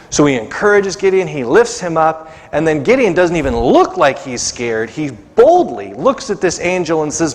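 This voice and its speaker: A man's voice: a little high, sing-song, moderate pace, few pauses. Man preaching in a reverberant church. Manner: conversational preaching, acts out quoted voices. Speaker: pastor. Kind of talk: sermon. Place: church sanctuary.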